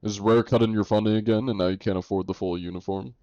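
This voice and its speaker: Gravelly, deep-voiced male game streamer. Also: fairly even intonation, fast talker, mellow, no echo. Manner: laid-back, joking, reacts to chat. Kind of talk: casual live stream chat. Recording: dull lo-fi stream audio.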